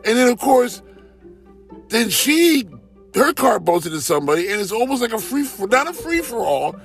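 Faint music plays behind a man whose very high, gravelly voice moves at a moderate pace. In a casual, rambling monologue, this storyteller animatedly relates everyday stories and acts out what others said.

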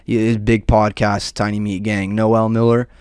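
A man's voice: lowish voice, flat delivery, moderate pace, darkish tone, clear, resonant tone, no echo. Profane rambling young guy, dry sound. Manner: loose and profane, lots of "dude" and "man". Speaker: podcast host. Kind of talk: casual rambling monologue.

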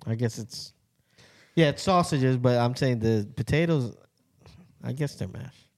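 A man's voice: mid-range voice, a little slow, darkish tone. A man co-hosting a casual podcast, teasing his friends with loose joking banter and trailing, restarted sentences. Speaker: podcast co-host.

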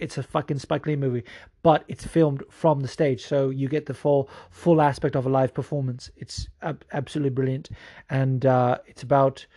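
Guy podcasting, swears a lot, um-heavy rambling, mellow dark voice. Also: mid-range voice. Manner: rambling and profane, lots of fillers. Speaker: podcast host. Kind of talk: casual listener Q&A chat.

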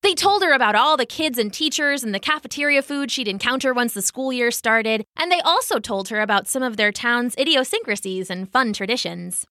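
A woman reads a children's story aloud in a bright, clear voice that moves up and down with lots of life. Her delivery is expressive and storyteller-like, and the recording is close and dry. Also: fairly high pitch, brisk, few pauses, no echo. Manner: warm, expressive read-aloud.

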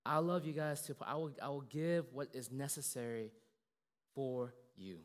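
A male pastor giving a casual, animated sermon full of fillers and self-deprecating jokes. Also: mid-range voice, a little fast, big-room sound.

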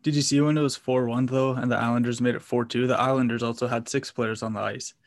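Man co-host, monotone, matter-of-fact, casual chat. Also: medium pitch, fast talker.

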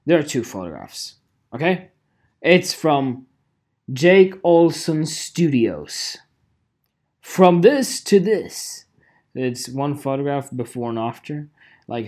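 Guy doing a solo photo vlog rant, swears a lot, voice jumps all over, keeps saying okay. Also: takes it slowly. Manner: animated, swearing, with lively swings in pitch and repeated "okay?". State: tired. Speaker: photography podcaster.

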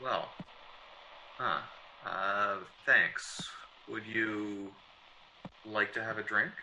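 A man's voice: fairly low pitch, drawn-out words, pushed and bright, slight background noise, heavily acted, poor audio. An actor playing a flustered, stammering male mystery writer in an old-time radio drama.

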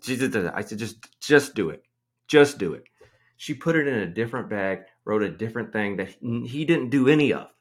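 A man on a casual podcast, telling a story in an animated, exasperated way and swearing freely. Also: lowish voice. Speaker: podcast host.

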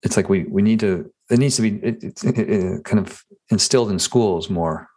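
A man hosting a podcast, talking in a casual, halting way with frequent restarts and fillers. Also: on the low side, darkish tone. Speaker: podcast host. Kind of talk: casual interview chat.

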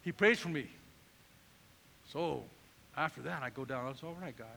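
A middle-aged man from Northern California, a pastor preaching a sermon testimony and acting out his own past conversations in an animated storytelling manner. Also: mid-range voice, normal speed, creaky, slight background noise. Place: church hall. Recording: long reverb of a church hall.

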